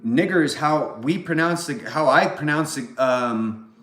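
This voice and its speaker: A man's voice: a little high, a little slow, a bit bright, soft background music. A man from California with a Californian accent, talking in a rambling, profane monologue that keeps circling back on filler phrases. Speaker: vlogger. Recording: roomy echo.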